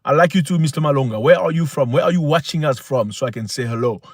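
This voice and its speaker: A man talks straight to his livestream viewers in a preachy, emphatic way. His voice sits a little high. The sound is dry and close. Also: fast, dry recording. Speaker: livestream host. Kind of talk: casual livestream monologue.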